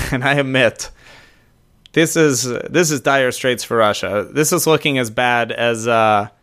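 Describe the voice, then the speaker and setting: Smooth-voiced man in joking podcast banter. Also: medium pitch, measured pace, a bit bright. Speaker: podcast co-host. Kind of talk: casual chat. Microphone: remote call.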